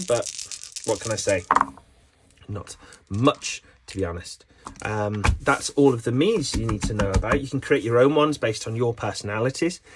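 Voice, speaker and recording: A man's voice: medium pitch, noisy background. A man hosting his own channel, rambling through a jokey, self-mocking explainer. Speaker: channel host.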